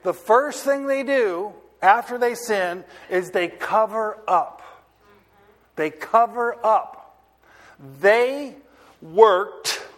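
A male pastor preaching a sermon, stressing key words slowly and often checking whether the audience is listening. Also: high voice, a bit bright. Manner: asks the audience if they are listening.

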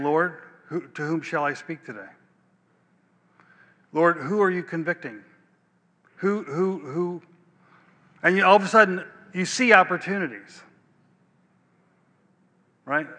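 High, bright-voiced older male preacher. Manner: conversational preaching, repeats words and checks in with "right?". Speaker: pastor. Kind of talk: sermon. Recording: long hall reverb.

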